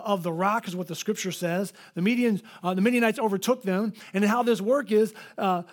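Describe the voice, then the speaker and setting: A man with a bright, high-pitched voice preaches a sermon in a church. He is animated as he tells stories, acting out the voices of the people he quotes. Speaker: pastor.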